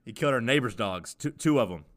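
A man with a bright, ringing tone. He co-hosts a casual podcast, rambling and joking with plenty of fillers. His pitch sits in the middle range. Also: expressive, fast. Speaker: podcast co-host.

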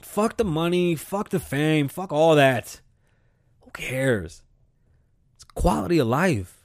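A man's voice: a little high, animated, slow pace, no echo, clean studio sound. Blunt, profane man ranting. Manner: blunt, profane and repetitive, building to heated outbursts. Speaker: show host. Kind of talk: opinion rant monologue.

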